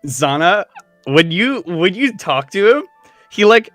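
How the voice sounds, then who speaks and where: Guy game master, slow and halting, lots of ums, animated pitch, dry close sound. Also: dry recording, soft background music. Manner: unhurried, halting, many fillers. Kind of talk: narrating a tabletop game.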